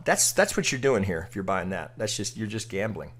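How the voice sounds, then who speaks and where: A man's voice: on the low side, big pitch swings, fairly quick, few pauses, fairly bright tone, slight background noise. A man teaching chart trading in a casual, blunt way, asking rhetorical questions and cursing now and then. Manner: casual, rhetorical, peppers talk with "right?" and mild cursing. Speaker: trading educator. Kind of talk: screen-recorded chart walkthrough.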